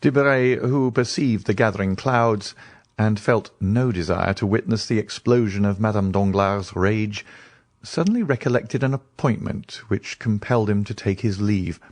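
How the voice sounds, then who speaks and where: A man reading a classic novel aloud as an audiobook narrator, measured and expressive. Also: lowish voice, dry recording.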